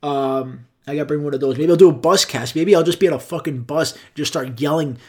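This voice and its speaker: A young man talks alone on his own podcast and rambles from one gripe to the next. His voice sits a little high, and he swears freely in a loose, sarcastic way. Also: fairly quick. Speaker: podcast host.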